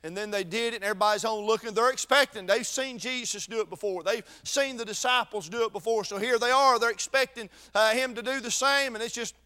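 A man preaching a sermon with fervor, going from shouted peaks to quiet intensity and repeating words as he restarts his sentences. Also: extremely high pitch, a little fast, hardly any pauses, clean tone.

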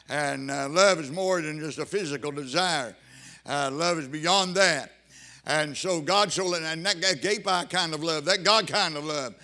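An older man, preaching a fervent sermon as pastor and rising into shouted praise. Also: a little high.

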